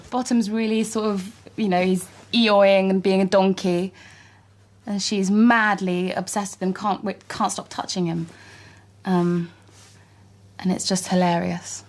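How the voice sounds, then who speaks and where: A woman's voice: mid-range voice, fairly even intonation, measured pace. A young woman interviewing in an eager, conversational way.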